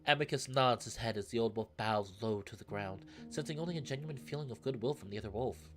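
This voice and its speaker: A man reading a visual novel aloud in steady narration, breaking into excited asides. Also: mid-range voice, fast, hardly any pauses. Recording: narration over loud game music. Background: background music.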